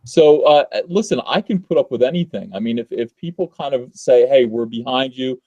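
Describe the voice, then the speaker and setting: A man's voice: mid-range voice, animated, fairly quick, dark tone, dry recording, highs cut off. A man talking as a guest on a casual livestream, earnest and emphatic, with hesitant fillers.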